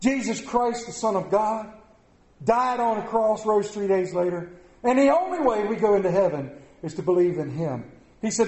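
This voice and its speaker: A man preaching a lively sermon, telling stories with jokey asides. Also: sits high, moderate pace, echoey room, poor audio. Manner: animated storytelling, jokey asides.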